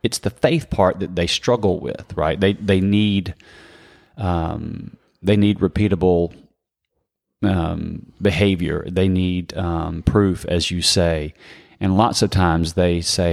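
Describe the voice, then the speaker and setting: A man hosting a faith interview, responding in a measured, reflective way. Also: sits low, fairly even intonation, vocal fry, a little mellow, no echo, clean studio sound. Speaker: host. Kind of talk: interview conversation.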